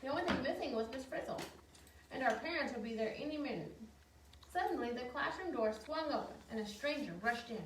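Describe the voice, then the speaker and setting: A woman reading a children's storybook aloud in a lively, expressive way. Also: high-pitched, brisk. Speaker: reader. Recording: echoey room, distant mic, faint noise.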